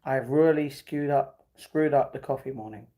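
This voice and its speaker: A man's voice: mid-range voice, normal speed, dark tone. A man reading a novel aloud on a live stream, stumbling and correcting himself, with breaks where he laughs at the chat.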